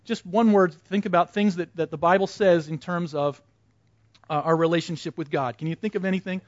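A man's voice: sits high, fairly even intonation, fairly quick, no room sound, muffled recording. A man teaching a Bible study class in a conversational way, putting questions to the group and repeating their answers back to them.

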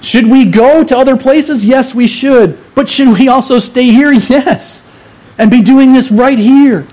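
Earnest and emphatic, this high-voiced pastor teaches through his sermon, hammering home key phrases by repeating them. His voice has a slightly mellow quality.

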